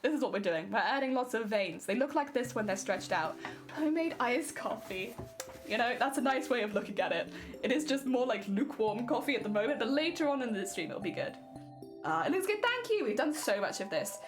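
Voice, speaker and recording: Woman streamer with a slightly high voice, chatting over background music. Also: big pitch swings, brisk. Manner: chatty, thinking out loud, reads chat. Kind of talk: casual live-stream chat while sewing. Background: music and sewing machine.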